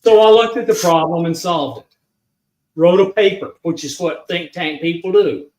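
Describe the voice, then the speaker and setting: A man's voice: high-pitched, moderate pace, a little mellow. An older man recounting his career in casual conversation, matter-of-fact and dry. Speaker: podcast guest. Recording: roomy echo.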